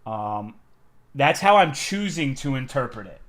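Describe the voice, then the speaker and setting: A man streaming, telling a heated story about his day in a casual, profane, animated way. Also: medium pitch, a little slow.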